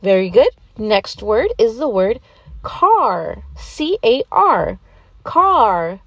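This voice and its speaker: A gentle gazelle schoolteacher, played by a woman in a cartoon-style toy lesson, speaking slowly and sing-song with a high, lively lilt. She praises her small pupils warmly as she spells out words. Dry, close sound. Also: no room sound, exaggerated voice. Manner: slow, sing-song and encouraging, praising often. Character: gentle, patient gazelle schoolteacher, adult female. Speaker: preschool teacher.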